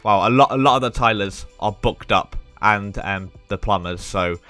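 A young man chatting casually as he comments on his game loot. He talks excitably and fills his speech with ums and "man.". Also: lowish voice, moderate pace, soft background music. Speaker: gaming video creator.

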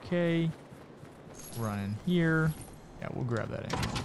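A man hosting a gaming video, commentating his play, yelping and repeating words in fast bursts when in danger and chatting to himself and the viewer while looting. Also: a little high, expressive, creaky, background noise. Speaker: gaming channel host. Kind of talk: excited gameplay commentary.

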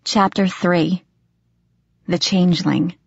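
A woman reading a first-person audiobook with steady, expressive storytelling. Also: lowish voice, takes it slowly, vocal fry, slightly rough, no echo, lo-fi sound. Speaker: audiobook narrator.

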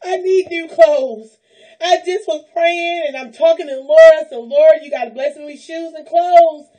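A woman's voice: very high-pitched, normal speed, mellow, poor audio. A woman, opening gifts on a vlog, gushing and squealing and close to tears, calling out praise to God. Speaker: vlogger opening a gift package. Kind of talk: unboxing vlog, emotional chat.

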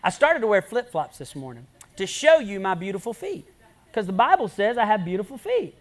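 Pastor preaching with loud-to-hushed swings. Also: male voice, high-pitched, very animated. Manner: swings between loud emphasis and hushed near-whispers; storytelling, dramatic pauses. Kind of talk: sermon.

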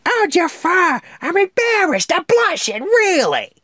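A man voicing a loud, whiny, sarcastic male parrot sidekick in an animated film, with a grating, shrill squawk. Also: unhurried, no echo, clean studio sound, exaggerated voice.

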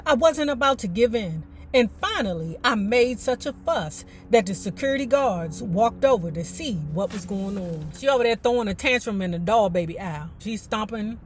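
A woman reading a memoir aloud and breaking off into animated, colloquial commentary. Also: on the high side, moderate pace, hardly any pauses. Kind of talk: book reading with casual commentary.

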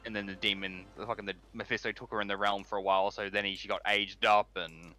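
A man's voice: on the low side, level tone, fast, bright, forceful tone, faint music behind. A man co-hosting a gaming channel, chatting casually and swearing now and then while he plays. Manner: laid-back, swears casually.

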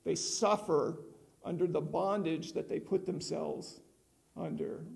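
A man's voice: fairly high pitch, fairly even intonation, takes it slowly, vocal fry, a little mellow. An older man preaching a conversational sermon as pastor, often asking the congregation questions.

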